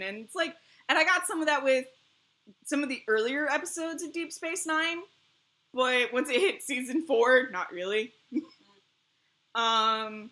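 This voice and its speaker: A woman streamer in casual chat, animated and rambling, laughing often between thoughts. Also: fairly high pitch. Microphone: streaming mic.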